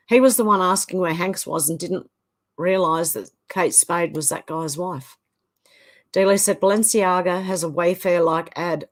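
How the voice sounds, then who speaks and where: A middle-aged woman hosting a livestream, reading viewer comments aloud and chatting loosely between them. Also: on the low side. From Australia. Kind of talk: casual chat.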